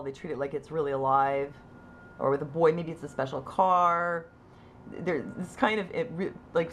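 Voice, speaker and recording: A woman telling her own story as a mother, in a casual, conversational way, with halting restarts and bright quoted asides. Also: sits low, slight background noise. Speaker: mother sharing her experience. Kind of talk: casual personal account to camera.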